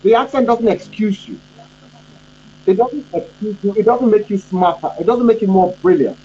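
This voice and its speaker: Male trainer, high mellow voice, emphatic and repetitive teaching, dull lo-fi recording. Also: normal speed. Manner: emphatic, repetitive, asks "you understand?". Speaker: communication trainer and coach. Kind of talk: instructional talk. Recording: dull lo-fi audio with faint electrical hum.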